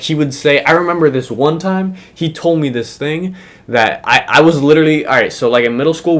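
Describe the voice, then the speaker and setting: A young man casually telling a funny school story, swearing often and laughing as he goes. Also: medium pitch. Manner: animated, profane, laughs while telling.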